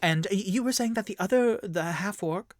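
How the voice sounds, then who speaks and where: A man's voice: high-pitched, normal speed, no echo, studio quality, voice pushed up, lightly acted. A man voicing an earnest young male adventurer in a tabletop game, who asks stumbling, hesitant questions. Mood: unsure.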